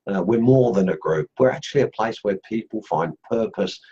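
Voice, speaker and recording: A man's voice: on the low side, animated, brisk, warm tone, husky, dull audio. A middle-aged man hosting a live stream for a carving group, chatting casually with plenty of fillers and restarts. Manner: rambling, many fillers and restarts.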